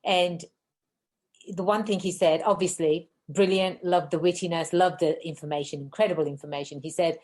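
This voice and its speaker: A woman hosting a podcast interview, talking fast and effusively in a casual chat. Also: on the low side, steady tone, darkish tone. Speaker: podcast host.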